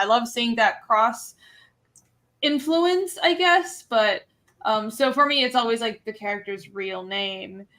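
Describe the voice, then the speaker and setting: A woman's voice: fairly high pitch, fairly bright tone. Hesitant, thoughtful woman. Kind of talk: casual panel chat.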